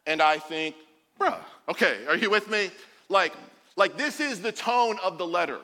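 A bright, high-pitched man in his forties delivers a lively sermon, joking and acting out the quotes he tells. His voice rings out with a long reverb from the church hall around him. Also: normal speed. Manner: animated, jokey, acts out quotes. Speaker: pastor.

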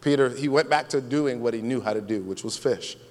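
A man's voice: medium pitch, brisk. Casual preaching man in a reverberant hall. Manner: casual, conversational preaching with repeated phrases. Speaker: pastor. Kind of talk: sermon.

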